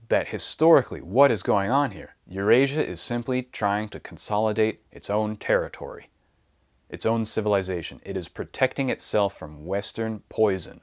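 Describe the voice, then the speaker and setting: Low-voiced man in an impassioned monologue. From United States. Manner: impassioned, insistent, repeats words for emphasis. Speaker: channel host. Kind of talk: unscripted monologue.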